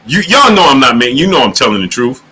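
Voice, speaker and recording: A man hosting a boxing livestream, giving shout-outs to the chat in casual, animated talk, sometimes dropping to a hush. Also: mid-range voice, fast, husky. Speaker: livestream boxing show host.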